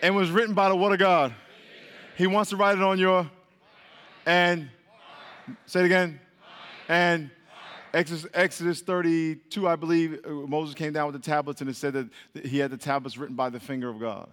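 Steady in tone and moderate in pace, with long pauses, this man's voice is on the high side and fairly bright. Preaching in a long-reverb hall, he runs call-and-response Bible teaching, repeating questions, drilling the crowd and laughing often.

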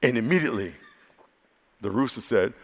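A man's voice: medium pitch, animated, moderate pace, creaky, breathy edge. A male pastor preaching a conversational, humorous sermon to a live congregation, often acting out the voices of the people in his story. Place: large church hall. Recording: long echo of a big hall.

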